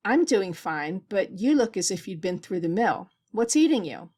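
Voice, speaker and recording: A plucky young woman lieutenant on a space station, voiced by a woman reader. She replies in a wry, spirited way at a mid-range pitch. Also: sing-song, moderate pace, a little mellow.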